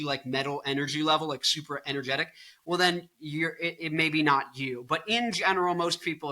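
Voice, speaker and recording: A man's voice: on the high side, bright, forceful tone. A man in his twenties, a musician, giving his opinions in a casual, rambling vlog full of fillers and jokes. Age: 20s. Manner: rambling, filler-heavy, joking. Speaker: vlogger and musician.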